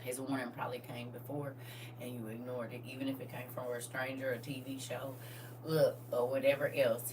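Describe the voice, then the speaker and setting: A woman giving casual spiritual advice in a folksy way, calling listeners baby and honey, shifting from hushed asides to loud emphatic bursts. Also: very deep voice, little pitch movement, a little fast, noisy background. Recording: voice a bit distant from the mic.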